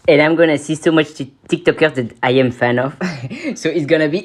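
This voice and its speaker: A man's voice: a little high, brisk. A Belgian man with a French accent who talks to the camera in casual, playful chat, giggling often and cooing at animals. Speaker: video creator.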